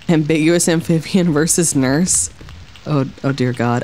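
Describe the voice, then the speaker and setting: A woman's voice: deep voice, measured pace, warm tone. A woman streamer giving let's-play commentary, exclaiming and swearing at the game as she plays.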